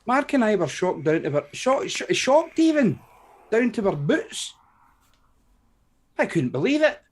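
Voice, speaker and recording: Field: live-stream co-host. Sex: woman. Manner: chatty, swearing, lively pitch. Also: normal speed, slightly rough. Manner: chatty, laughing, swears freely. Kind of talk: live stream chat, reading out viewer names.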